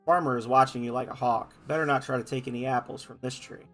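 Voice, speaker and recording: A man's voice: medium pitch, steady tone, quick pace, a bit bright, faint music behind. A man hosting a game playthrough, reading every character's lines aloud in playful voices and joking about his own reading. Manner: reads lines in varied playful voices, self-mocking asides. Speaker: gameplay host reading game dialogue aloud.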